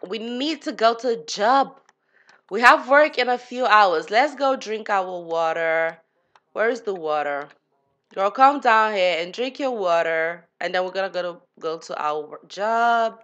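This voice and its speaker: A woman's voice: medium pitch, very animated, takes it slowly, long pauses, a bit bright. A woman giving casual gameplay commentary, chatty and giggly, talking to her game characters as she plays. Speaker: gaming channel host.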